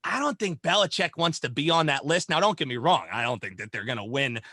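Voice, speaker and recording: A man co-hosts a sports betting podcast in a loose, animated chat, swearing casually and hyping his segments like an announcer. His voice is bright and forceful, pitched a little high for a man. The sound is close and dry. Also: fast, breathy edge, no room sound. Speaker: podcast co-host.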